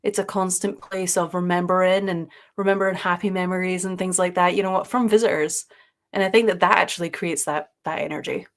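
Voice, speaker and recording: A woman's voice: on the low side, steady tone, a little fast. Rambling woman co-host, casual chat. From Southern California. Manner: rambling, with fillers and restarts. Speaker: podcast co-host.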